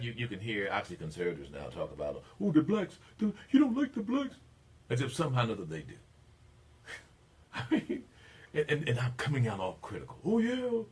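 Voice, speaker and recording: An older man from Mississippi, hosting a talk radio show in an emphatic, preachy monologue. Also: husky. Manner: emphatic, preachy, swings between low asides and loud declarations.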